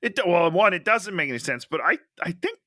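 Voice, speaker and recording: A man co-hosting a comedy movie review podcast, talking in a sarcastic, animated way and acting out lines from the film. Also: high-pitched, a little fast, no echo, clean studio sound. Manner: animated, sarcastic, acts out characters' lines in big voices. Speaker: podcast co-host.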